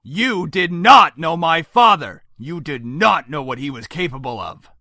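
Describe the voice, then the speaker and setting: A man's voice: fairly high pitch, animated, unhurried, bright, forceful tone, no echo, studio quality, full character voice. A man voicing a stern, controlling middle-aged father in a game, talking down in a cold, commanding way. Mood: furious.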